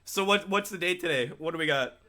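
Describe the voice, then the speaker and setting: A man's voice: on the high side, brisk, sharp tone. A young man co-hosting a podcast, chatting casually in a laid-back, joking, profane way. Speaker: podcast co-host. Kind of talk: casual chat.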